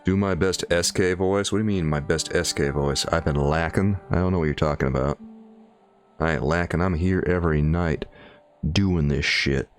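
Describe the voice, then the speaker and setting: A very low-voiced man chats casually through a late-night game stream, tired and a little mushy-headed. He banters and jokes with his viewers, and faint game music sits underneath. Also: normal speed. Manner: joking banter with chat, playful mock voices. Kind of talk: casual livestream commentary.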